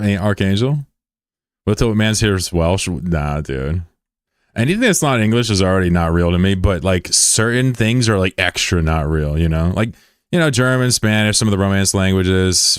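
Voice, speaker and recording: A man's voice: low-pitched, clean tone, no room sound, clean studio sound. A young man chatting casually on a game livestream, joking and sarcastic in a rambling way. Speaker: game streamer.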